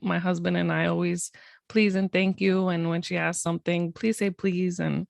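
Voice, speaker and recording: A woman's voice: on the low side, level tone, moderate pace, creaky, darkish tone, dry recording. A young adult woman co-hosting a parenting podcast, talking in a chatty, easygoing way in casual conversation. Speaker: podcast co-host.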